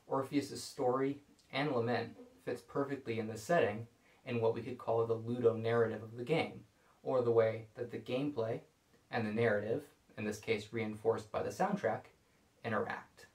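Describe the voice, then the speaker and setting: Man, violin teacher, calm scripted lesson, medium pitch, echoey room. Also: moderate pace. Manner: calm, explanatory.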